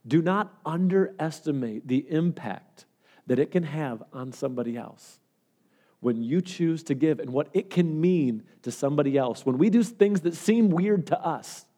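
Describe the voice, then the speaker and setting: A man's voice: fairly high pitch, lively intonation, moderate pace, warm tone. A male pastor preaching a sermon in an earnest, conversational way and telling stories.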